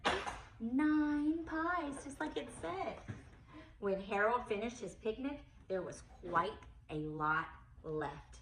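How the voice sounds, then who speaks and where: A young woman, a preschool teacher, reading a picture book aloud to a toddler in an animated, coaxing, sing-song way. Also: mid-range voice, slow pace, echoey room, distant mic, a little hiss or hum, low-quality recording.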